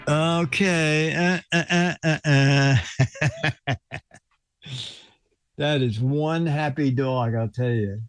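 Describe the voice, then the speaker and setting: A man's voice: fairly high pitch, steady tone, drawn-out words, pauses often, smooth, no echo, faint music behind. A man hosting a casual live-stream show, telling stories in a rambling way, chuckling often and restarting his sentences. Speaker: show host.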